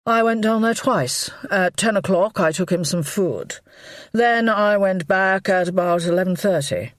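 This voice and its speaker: A woman's voice: medium pitch, unhurried, no echo, clean studio sound, pitched above the performer's own voice, close to an everyday voice. A woman reading an audiobook, voicing a middle-aged husband who talks doggedly and a little defensively. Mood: explaining. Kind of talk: audiobook character voice.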